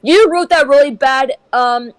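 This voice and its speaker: High-voiced woman ranting opinionatedly. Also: measured pace, dry recording. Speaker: streamer. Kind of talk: casual chat while gaming.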